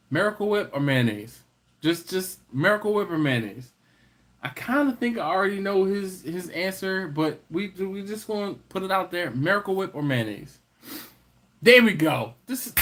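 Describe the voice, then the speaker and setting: Playful man hosting a live chat. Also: fairly high pitch. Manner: playful, teasing, banters with chat. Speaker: livestream host. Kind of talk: casual live chat reading comments.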